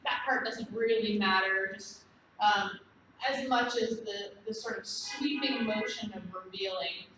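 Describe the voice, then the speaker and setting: A woman teaching a belly dance lesson, gently explaining moves and counting steps aloud. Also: medium pitch, measured pace, a little hiss or hum. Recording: very echoey room, distant mic.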